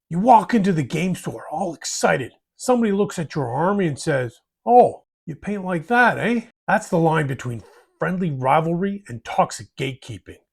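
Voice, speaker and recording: A man hosts a hobby advice talk in a folksy way, tagging his sentences with friendly asides like "eh" and "bud." His voice is on the high side, gravelly, with a breathy edge.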